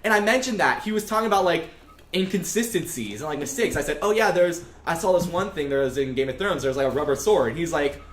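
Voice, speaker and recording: Young male host, high-pitched, rambling storyteller, echoey room with music. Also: expressive, quick pace. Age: young adult. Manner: rambling storyteller, full of fillers. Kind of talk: casual gaming chat.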